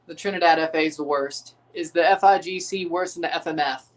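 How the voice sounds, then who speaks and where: High-voiced man ranting off-mic. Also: fairly even intonation, fairly quick, distant mic. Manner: profane, ranting, repeats himself. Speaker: livestream watchalong host. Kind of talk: live sports reaction rant. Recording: voice a bit off the mic.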